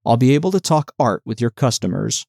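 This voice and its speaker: A man voicing a playful, quick-witted young woman who speaks in a light, teasing way. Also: medium pitch, big pitch swings, vocal fry, a little mellow, no room sound, clean studio sound.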